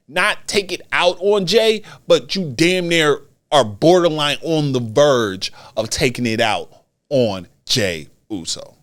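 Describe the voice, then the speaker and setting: Slow-talking man hosting a wrestling podcast. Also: a little high. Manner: animated, repeats phrases for emphasis. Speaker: podcast host. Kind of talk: solo wrestling commentary podcast.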